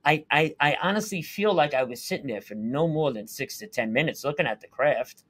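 A fairly high-pitched man tells his story casually, with earnest and vivid detail. He talks like a guest sharing something that happened to him. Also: animated, fairly quick, a bit bright. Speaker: guest recounting a UFO sighting. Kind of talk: casual first-person storytelling.

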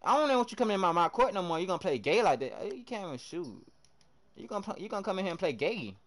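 A young man livestreaming a basketball game, his voice sitting a little high and swinging widely up and down. He keeps up a running commentary for his viewers, loudly trash-talking opponents and reacting to every play. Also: quick pace. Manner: animated trash talk, reacting loudly to plays. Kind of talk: live gameplay commentary.

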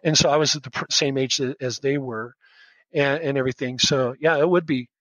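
A teacher from the United States in his fifties tells his story as a podcast guest in a casual storytelling interview, sounding earnest and emotional and restarting often. His mid-range voice is fairly bright, with fairly even intonation and a slightly fast pace, in a dry, rough recording.

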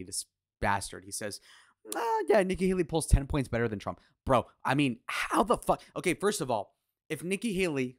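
A man's voice: medium pitch, dry recording. Male reaction host: heated rants, sarcastic, crude, dry close mic. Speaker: reaction commentator. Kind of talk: reacting to podcast clips.

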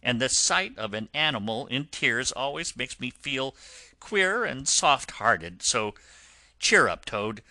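A man's voice: mid-range voice, very animated, slow pace, sharp tone, dry recording, heavily acted. A man voicing a stern but kind-hearted engine driver who talks firmly in an audiobook reading. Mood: kindly. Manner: firm, instructing. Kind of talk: audiobook character voice.

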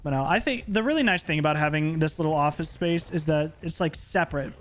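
A man's voice: a little high, quick pace, a bit bright. A man streaming a game from his home office, chatting casually and rambling with playful asides. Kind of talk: casual gaming stream chat.

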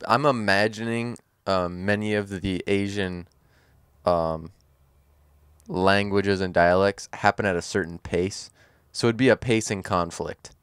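Low-voiced man musing on a podcast. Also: fairly even intonation, measured pace, fairly bright tone, clean tone, no room sound, clean studio sound. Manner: rambling, thinks aloud with fillers. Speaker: podcast co-host. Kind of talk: casual chat.

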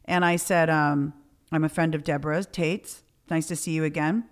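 Lower-pitched woman telling a profane story. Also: moderate pace. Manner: profane, animated storytelling with quoted dialogue. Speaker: podcast host. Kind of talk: casual storytelling chat.

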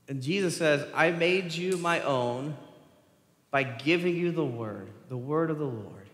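A man preaching a sermon to his congregation, animated and asking them questions as he goes. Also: on the high side, moderate pace. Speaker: pastor. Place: church sanctuary. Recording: echoey long reverb from a church hall.

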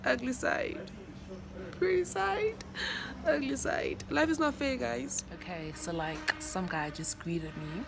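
A young woman with a South African accent vlogs on her phone, chatty and confiding. She talks at an unhurried pace. Steady background noise runs under the phone recording. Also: on the low side, gravelly. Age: young adult. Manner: chatty, confiding, swings between giddy and tearful. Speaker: vlogger, student. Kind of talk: candid phone vlog.

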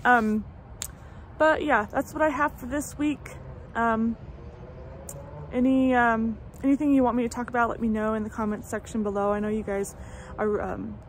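A woman's voice: fairly high pitch, steady tone, moderate pace, slight background noise. A woman in her thirties chatting casually in a vlog update, rambling with lots of fillers and restarts. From United States. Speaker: vlogger. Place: home in summer, traffic passing outside.

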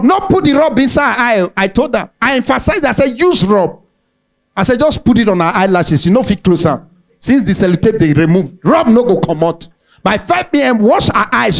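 A Nigerian man with a Nigerian accent doing stand-up, telling a family story and acting out its voices with pidgin mixed in. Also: high voice. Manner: animated, mixes in Nigerian pidgin, acts out the voices in his stories. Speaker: stand-up comedian.

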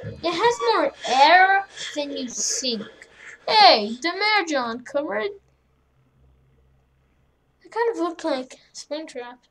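A woman gamer talks over her horror game playthrough in a strikingly high voice. She drawls slowly, wanders through silly jokes and yelps when startled. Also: very animated, a bit bright, a little hiss or hum, rough recording. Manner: jumpy, rambling, silly jokes, sudden yelps. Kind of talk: let's play commentary.

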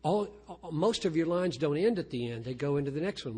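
In a lecture mixing talk with poetry reading, an older pastor stumbles through restarts as he candidly and self-deprecatingly describes his craft. His voice runs on the high side, brisk and dark in tone yet a bit husky, and each phrase trails off into a long hall reverb.

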